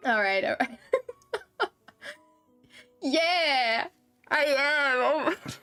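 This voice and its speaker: A woman's voice: sits high, expressive, very slow, pushed and bright, soft background music. A young woman streamer rambling casually to her chat, giggling often and easily flustered. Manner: rambling, giggly and self-conscious. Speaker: game streamer. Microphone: desktop streaming mic, no camera.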